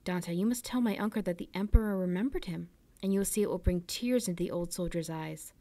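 A woman's voice: lowish voice, quick pace, mellow, no echo, lightly acted. Eager, kindly old ship owner, rising with interest, read aloud by a woman, dry close sound. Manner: eager, questioning. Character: warm older male ship owner.

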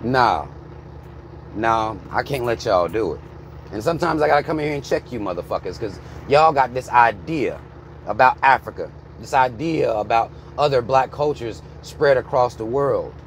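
A man's voice: medium pitch, lively intonation, moderate pace, a little hiss or hum. An American man in his thirties, bluntly ranting on a vlog with heavy swearing from inside a car. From United States. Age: 30s. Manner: heated, blunt, swearing freely. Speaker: vlogger. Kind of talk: profane ranting commentary.

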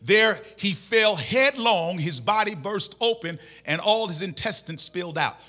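High, fervent preaching man. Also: expressive, unhurried. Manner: impassioned preaching, shouting and half-singing phrases. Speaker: pastor. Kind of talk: sermon. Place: church.

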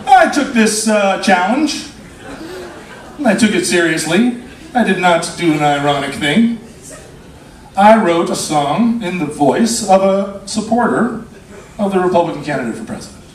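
A male musician jokes drily with a live crowd, measured and unhurried, pausing on his fillers. His voice sits high, and the sound is roomy and caught from a distance. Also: lively intonation, a little hiss or hum. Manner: dry, wry, deliberate with many uh fillers. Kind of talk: live stage banter. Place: live show on a cruise ship. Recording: echoey live room, distant mic.

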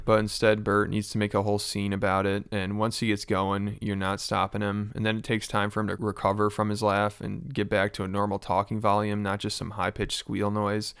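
A man's voice: fairly low pitch, monotone, brisk, gravelly, hardly any pauses, a bit bright, clear, resonant tone, no room sound, clean studio sound. A man giving casual reaction commentary as a YouTube host, chatty and mildly exasperated.

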